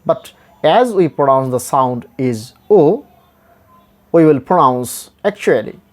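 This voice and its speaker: A man teaching English vowel sounds, repeating each example word slowly and deliberately in stressed drills. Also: medium pitch, lively intonation. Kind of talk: pronunciation lesson.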